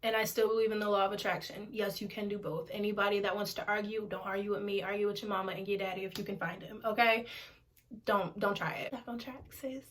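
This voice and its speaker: With a mid-range, slightly bright voice, fairly even intonation, and a quick pace, a young single mother in her twenties chats frankly to camera at home. She swears freely and repeats herself to stress her points.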